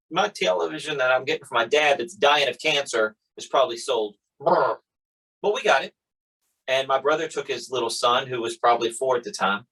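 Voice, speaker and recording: Male podcast host, husky, lively storyteller who voices the people in his stories. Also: medium pitch, low-quality recording. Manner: animated storyteller, acts out quotes. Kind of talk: casual chat.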